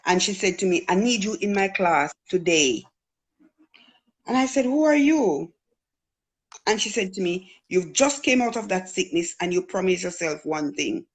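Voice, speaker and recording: A woman's voice: lowish voice, animated, moderate pace. A middle-aged woman from Jamaica with a Jamaican accent, earnestly telling a personal story in casual talk. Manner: earnest storytelling, acts out quoted voices. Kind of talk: casual testimony.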